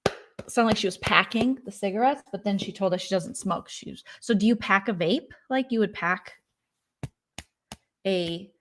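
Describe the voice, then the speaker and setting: A woman's voice: medium pitch, normal speed. A young adult woman hosting a casual vlog, chatting in an exasperated way with lots of fillers. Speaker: vlogger host. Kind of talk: casual gossip chat.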